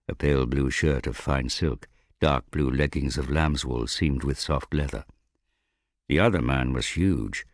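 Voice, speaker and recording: A man narrating a fantasy novel audiobook in a measured, even storytelling manner. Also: a bass voice, no room sound, clean studio sound.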